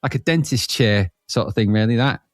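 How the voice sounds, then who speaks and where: A man's voice: medium pitch, no room sound, studio quality. A man co-hosting a podcast in casual, jokey chat. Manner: jokey, quick banter. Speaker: podcast co-host.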